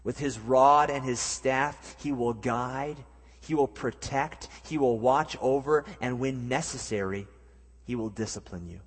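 A man preaching a sermon as pastor, earnest, with slow emphatic pauses. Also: mid-range voice, breathy edge. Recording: long hall reverb.

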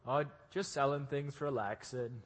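A man voicing a laid-back male wood carver who talks in a slow, unbothered drawl, in an echoey hall. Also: medium pitch, steady tone, pitched below the performer's own voice, close to an everyday voice. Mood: mellow.

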